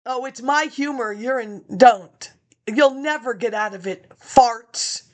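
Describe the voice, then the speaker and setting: A high-pitched woman talks casually to her viewers in a loose, rambling monologue. She skips from one thought to the next and chuckles at her own remarks. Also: slow pace. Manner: chatty, jumps between topics, chuckles to herself.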